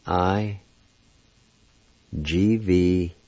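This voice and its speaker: A man's voice: sits low, fairly even intonation, very slow, darkish tone, no echo. A man teaching a language lesson, carefully spelling and repeating each word in a dull lo-fi recording. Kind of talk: slow word-by-word pronunciation lesson.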